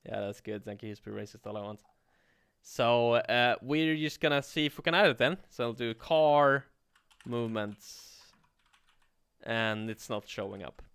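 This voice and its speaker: A man teaching coding on a livestream in a relaxed way, thinking aloud and swearing casually. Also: medium pitch, unhurried, smooth, no room sound, studio quality. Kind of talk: casual live coding tutorial.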